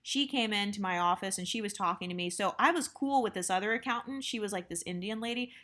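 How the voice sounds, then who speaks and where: A woman's voice: medium pitch, fast, a bit bright. A young adult woman telling a workplace story in a casual, rambling way, full of fillers and blunt asides. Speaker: storytime vlogger.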